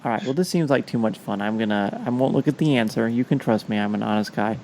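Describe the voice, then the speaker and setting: A man hosting a podcast as quizmaster, reading trivia cards slowly and teasing his guests in casual chat. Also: lowish voice, darkish tone, a little hiss or hum, poor audio. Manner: playful, teasing, reads questions slowly. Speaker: podcast host.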